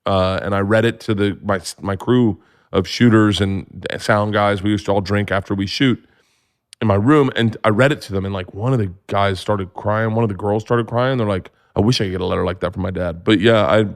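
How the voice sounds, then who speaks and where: A man telling stories as a comedy guest, excitable and profane, often restarting with "like". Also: fairly low pitch, moderate pace, clear, resonant tone. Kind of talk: casual storytelling.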